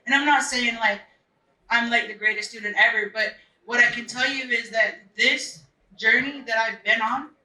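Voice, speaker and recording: A man's voice: extremely high pitch, fairly even intonation, moderate pace, pushed and bright. A man telling an earnest personal story at a live event, repeating phrases for emphasis. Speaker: festival speaker. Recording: echoey, mic at a distance.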